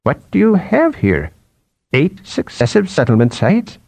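A man's voice: on the high side, wildly swooping pitch, unhurried, gravelly, darkish tone, no echo, voice pushed up, heavily acted. A man doing a quavering frail old scholar. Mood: curious. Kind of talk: audiobook character voice.

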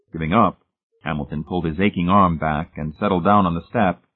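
A man reading a suspenseful story aloud in a measured, scripted narration, heard over a tinny, phone-like recording. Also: deep voice. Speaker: audiobook narrator.

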